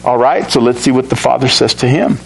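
A man's voice: medium pitch, brisk, vocal fry, a little hiss or hum, rough recording. A man preaching a sermon to his church and asking the congregation questions. He acts out the lines of the Bible characters as he reads them. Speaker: pastor.

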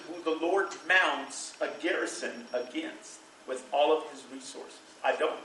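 A man's voice: on the high side, unhurried, pushed and bright, echoey room, distant mic, a little hiss or hum, low-quality recording. A middle-aged man preaching a sermon to a church congregation, in a loose, conversational way, with fillers and bursts of laughter. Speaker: pastor.

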